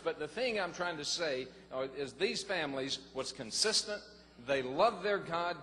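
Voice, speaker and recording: A middle-aged man, a pastor telling a personal story in a sermon, folksy and animated. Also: a little high. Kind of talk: sermon testimony. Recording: long hall reverb, faint noise.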